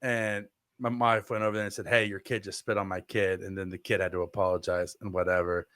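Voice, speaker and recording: A low-voiced man in his thirties co-hosts a podcast, telling a story a little fast in casual chat and animatedly acting out the quotes. He's on a close mic with no room sound.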